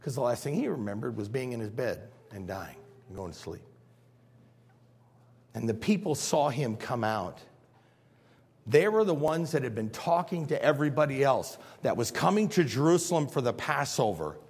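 A pastor preaching a sermon in a church, acting out scenes and swinging between hushed and loud. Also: male voice, mid-range voice, lively intonation, moderate pace, slightly rough.

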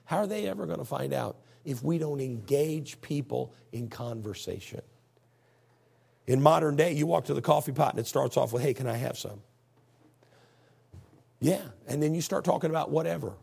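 A man's voice: on the high side, brisk, creaky, a little mellow, breathy edge. A man, preaching a folksy, emphatic sermon and reading scripture aloud. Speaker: pastor.

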